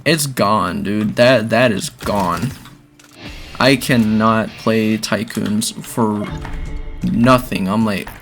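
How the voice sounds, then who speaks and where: A young man casually talking through a zombie game he is playing, rambling between bursts of excitement. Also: fairly low pitch, slow, pauses often, faint music behind. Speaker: gaming video creator. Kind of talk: casual gameplay commentary.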